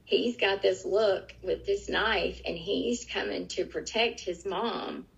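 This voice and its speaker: A middle-aged woman with a deep, gravelly rasp gives an interview about a personal experience. She tells it earnestly and vividly, stopping and restarting her sentences. The recording sounds dull and lo-fi. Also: slow.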